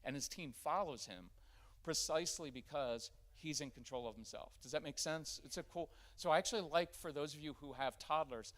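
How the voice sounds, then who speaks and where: A middle-aged man giving a live workshop talk in a church, energetic and conversational. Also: fairly high pitch. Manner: energetic and conversational, acting out quick family scenes. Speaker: parenting workshop speaker. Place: church gathering with a live audience.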